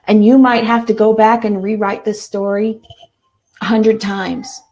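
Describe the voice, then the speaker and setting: A middle-aged woman hosting a spiritual self-help talk, speaking earnestly and slowing down for repeated affirmations. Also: medium pitch, flat delivery, mellow. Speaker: self-help show host.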